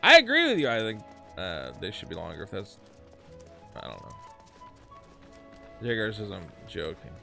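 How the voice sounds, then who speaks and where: A man's voice: low-pitched, measured pace, gravelly, long pauses, music in the background. A man streaming a video game, chatting casually and ranting with a lot of swearing. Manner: profane, ranting, animated. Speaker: streamer and podcast host. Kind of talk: casual gameplay commentary.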